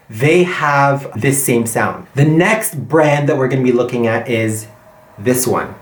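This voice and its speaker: A man teaching an online language lesson, repeating example words slowly and clearly for learners. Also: medium pitch, roomy sound. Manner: slow, drawn-out repetition of example words. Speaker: French pronunciation teacher.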